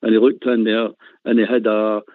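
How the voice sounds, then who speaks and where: A man's voice: on the low side, flat delivery, moderate pace. Ranting Scottish man on a phone line. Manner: passionate, ranting, laughs often. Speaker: caller. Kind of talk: phone-in football rant. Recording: tinny phone line, dry.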